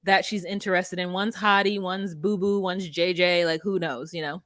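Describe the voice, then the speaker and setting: A woman's voice: on the low side, steady tone, normal speed, fairly bright tone, no echo, studio quality. A woman co-hosting a podcast, recapping a reality show in casual chat with blunt, sarcastic, freely swearing remarks. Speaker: podcast co-host.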